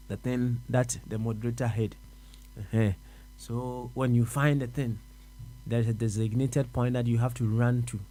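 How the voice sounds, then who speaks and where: A man with a Ghanaian accent talks his way through a radio show in an ordinary middle-range voice. He muses aloud, circles back over his own words and nods himself along with soft uh-huhs. A low electrical hum sits under the recording. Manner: musing, repeats words, answers himself with uh-huh. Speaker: radio host. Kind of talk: reflective radio talk.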